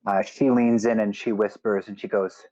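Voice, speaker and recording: A man running a tabletop game as game master, relaxed and repeating words as he narrates, on dull lo-fi audio. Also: on the low side, normal speed.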